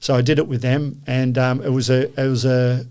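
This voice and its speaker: A man in his fifties telling a personal story as a guest in a casual chat, earnest and animated, with frequent restarts. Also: medium pitch, fairly quick, clean tone. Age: 50s.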